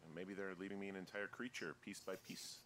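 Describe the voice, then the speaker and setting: A man's voice: sits low, steady tone, quick pace, bright, forceful tone, a little hiss or hum, poor audio. An actor playing a curious male fire lookout who talks plainly and asks questions over a walkie-talkie.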